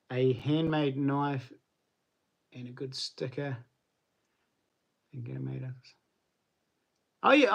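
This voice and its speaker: A man with a New Zealand accent, a knife maker chatting casually on a livestream and answering viewers in a relaxed, colloquial way. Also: fairly high pitch.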